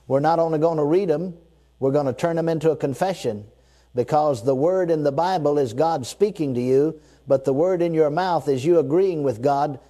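A male preacher in full sermon, his voice pitched a little high yet mellow and warm. He drives each point home with repetition and slows right down when he reads scripture, then has his listeners repeat his declarations back to him. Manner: emphatic, repeats key phrases, slows down for scripture; leads the congregation in call-and-response declarations.

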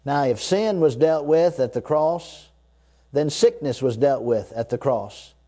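A man's voice: mid-range voice, expressive, unhurried, warm tone. A man preaching a sermon, emphatic and repetitive, leading his listeners to repeat lines after him. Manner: emphatic, repetitive, leads the listeners in spoken confessions.

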